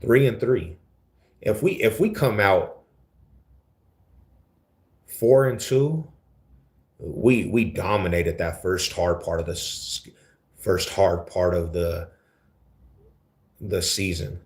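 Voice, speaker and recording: A man's voice: sits low, slow pace, pauses often, a little mellow. A man with an East Denver accent, hosting a casual livestream and answering viewers in laid-back, slangy talk. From Denver, USA. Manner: laid-back slangy talk, calls people homie and fool. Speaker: livestream host.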